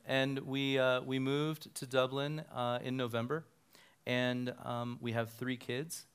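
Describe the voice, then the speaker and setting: A man's voice: mid-range voice, little pitch movement, takes it slowly, fairly bright tone, clear, resonant tone. A middle-aged man, a pastor, telling a personal story as a sermon and acting out the dialogue he quotes. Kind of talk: sermon testimony.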